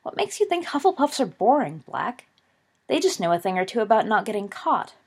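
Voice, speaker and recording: Woman playing a loud know-it-all older wizard, booming and pitched up, storybook. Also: big pitch swings, a little fast, breathy edge. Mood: hearty. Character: boisterous young adult wizard, loves to lecture. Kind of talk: audiobook character voice.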